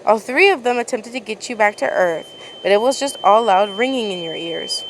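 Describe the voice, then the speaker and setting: A woman's voice: a little high, lively intonation, normal speed, noisy background. A woman reading a second-person fan story aloud in a casual way, often stumbling over words and restarting. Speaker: fan fiction reader.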